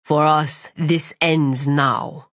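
A woman's voice: deep voice, steady tone, extremely slow, fairly bright tone, no echo, pitched below the performer's own voice, full character voice. A woman voicing a cold, mocking male villain with a French accent in an audiobook. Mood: menacing.

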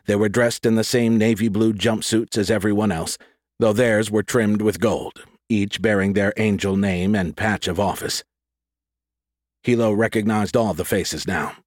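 A man with a fairly low voice narrates an audiobook in a measured, descriptive way. The recording is dry and close, with no room echo. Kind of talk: scripted narration.

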